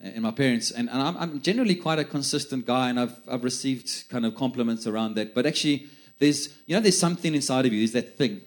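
A man's voice: mid-range voice, quick pace. A middle-aged man preaching a sermon, telling stories in a chatty way and often repeating words as he restarts. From South Africa. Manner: conversational storytelling with many repeated words.

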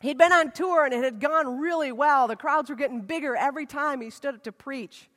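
High-voiced woman preacher, storytelling. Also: a little fast. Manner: conversational, animated storytelling. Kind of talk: sermon. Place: college worship hall. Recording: echoey hall reverb.

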